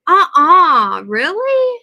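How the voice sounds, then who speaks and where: A woman's voice: very high-pitched, wildly swooping pitch, drawn-out words, bright, forceful tone, no echo, lo-fi sound. A tired woman hosting a casual livestream, reading aloud and answering her viewers' comments. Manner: chatty, reads aloud and answers chat comments. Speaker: livestream host. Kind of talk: casual live chat with viewers. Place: at home.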